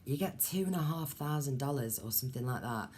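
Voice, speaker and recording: Woman, extremely low voice, mellow dark tone, meandering casual vlog chat full of ums. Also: animated, fairly quick, slight background noise. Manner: musing, meandering, many ums and asides. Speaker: vlogger. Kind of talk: rambling casual monologue to viewers.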